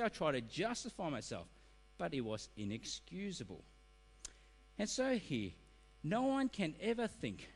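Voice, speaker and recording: A middle-aged man preaching a sermon, animated and acting out excuses in quoted voices. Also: high-pitched. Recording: reverberant hall.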